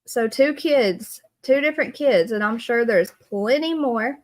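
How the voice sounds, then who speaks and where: A woman's voice: fairly high pitch, unhurried. A woman, hosting a casual live stream and earnestly greeting viewers by name. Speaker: livestream host.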